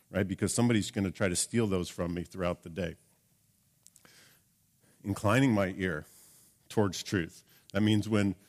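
A man preaching a sermon in an earnest tone, his voice sitting a little on the low side. He reads scripture aloud and keeps asking his listeners rhetorical questions. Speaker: pastor.

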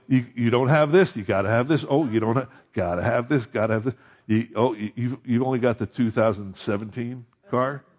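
A man's voice: mid-range voice, a little mellow, dull audio. Man preaching a conversational sermon. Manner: conversational preaching with rising emphatic peaks. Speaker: pastor.

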